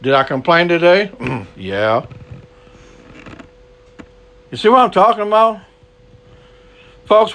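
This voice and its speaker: A man's voice: high voice, fairly bright tone. A man preaching a sermon, earnest and repetitive, stretching words for emphasis.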